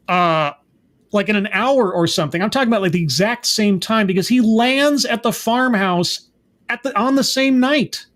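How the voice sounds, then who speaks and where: Sarcastic high-voiced man recapping. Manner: sarcastic, exasperated, rambling. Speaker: show reviewer.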